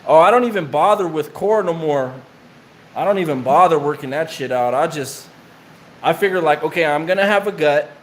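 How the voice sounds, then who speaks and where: A man's voice: fairly high pitch, lively intonation, normal speed, a little hiss or hum. A man casually telling rambling, profane prison stories in slang while his friend draws on him. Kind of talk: casual storytelling while getting tattooed.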